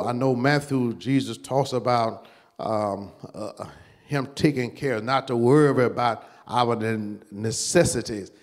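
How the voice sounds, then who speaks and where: A man in the role of pastor, teaching a church Bible study at an unhurried, deliberate pace. His speech halts often, with repeated words and many fillers. When something stirs him he pushes up in pitch and volume.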